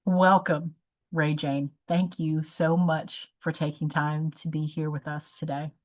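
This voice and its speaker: Low-voiced chatty woman host. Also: level tone, measured pace, a little mellow, poor audio. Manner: effusive, chatty, with frequent restarts and fillers. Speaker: podcast host. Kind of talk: casual interview chat.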